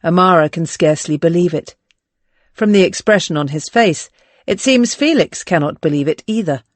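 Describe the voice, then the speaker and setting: Audiobook reader, mid pitch, steady delivery, dry close mic. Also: moderate pace, dry recording. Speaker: audiobook narrator. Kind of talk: audiobook narration.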